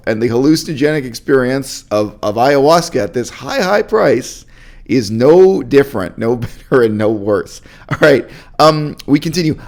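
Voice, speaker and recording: Sarcastic male commentator, gravelly, animated delivery, reads reviews with open scorn. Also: medium pitch, moderate pace. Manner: mocking, laughs at his own jokes. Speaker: video commentator.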